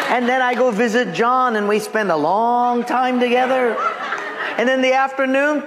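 A man's voice: extremely high pitch, normal speed, a loud crowd, very noisy. A man in his seventies, a pastor, preaching a sermon and telling jokes to his congregation. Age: 70s. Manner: animated storyteller, joking. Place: church sanctuary with congregation.

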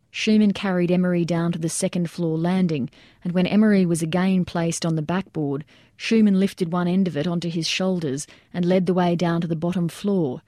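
A woman with a low, mellow voice narrates a nonfiction war account at a measured, steady pace. The recording is dry and close, with no room sound. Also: no echo. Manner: measured, steady storytelling that raises its voice for shouted quotes.

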